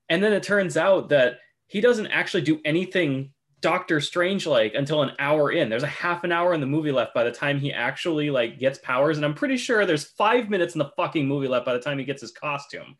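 Male co-host, slightly high voice, sweary and exasperated, casual rant. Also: fairly quick, a bit bright. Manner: profane, exasperated ranting. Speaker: podcast co-host. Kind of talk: casual film discussion.

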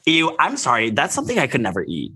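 A man's voice: medium pitch, wildly swooping pitch, quick pace, sharp tone, husky, dry recording. A man co-hosting a podcast, sassy and playful in casual gossip. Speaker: podcast co-host.

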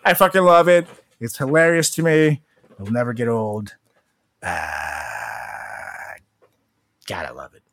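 A man's voice: medium pitch, lively intonation, slow, gravelly, long pauses, a bit bright, no room sound. A man co-hosting a podcast in casual chat. He jokes, laughs often and rambles with restarts. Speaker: podcast co-host.

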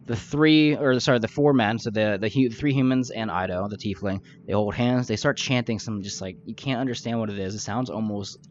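A man's voice: lowish voice, a little fast, few pauses. A man narrating a tabletop game backstory as game master in a loose, casual storytelling manner. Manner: casual storytelling with fillers, laughs at own jokes. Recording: dull lo-fi audio with faint music.

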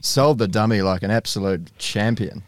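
A man co-hosts a casual podcast, firing off jokes and teasing questions at his guests. He has a lowish voice, recorded close and dry with no room echo. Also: moderate pace. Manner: joking, teasing banter. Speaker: podcast co-host. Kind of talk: casual chat.

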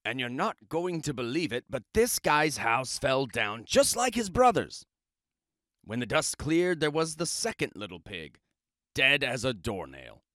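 A man's voice: medium pitch, big pitch swings, a little slow, a bit bright, dry recording, studio quality. A man reading a children's book aloud, telling it in first person in a chatty, self-justifying way. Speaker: storybook reader.

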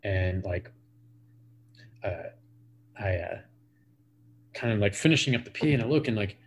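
A man's voice: fairly low pitch, lively intonation, normal speed. A man in his forties, a podcast guest, telling a profane, rambling story full of "like" fillers. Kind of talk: casual storytelling.

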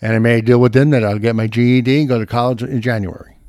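A man's voice: mid-range voice, fairly even intonation, rapid-fire, darkish tone, no echo, studio quality. A middle-aged man telling a profane, brash story in casual chat.

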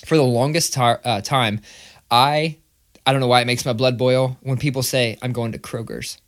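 A man co-hosting a podcast in a loose, chatty way. He swears freely and tells his stories in animated, ranting bursts, speaking into a studio microphone. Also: mid-range voice, normal speed. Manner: profane, animated ranting storyteller. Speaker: podcast co-host. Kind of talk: casual chat.

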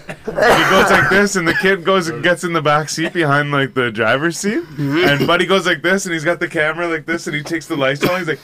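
A man with a bright, forceful voice tells a story to his friends, one tangent after another. He leans on fillers and swears freely, and he pitches his voice a touch above the usual. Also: a little fast, a little hiss or hum. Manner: rambling storyteller, many fillers and swearing, laughs while telling. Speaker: friend telling stories. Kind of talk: casual chat among friends. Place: room with friends sharing joints.

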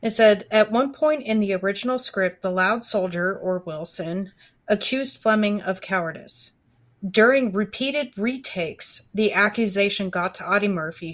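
A woman co-hosting a podcast in casual book-club chat, mostly adding short agreeing replies and reading out facts. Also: normal speed. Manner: low-key, brief agreeing replies, reads out trivia. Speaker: podcast co-host.

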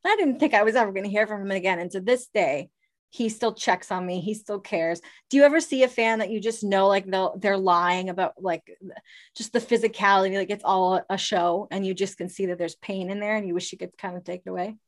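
A woman's voice: mid-range voice, fairly quick. A young woman hosting an interview, speaking candidly and personally as she tells a story before asking her question. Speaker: interview host. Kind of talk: casual interview talk.

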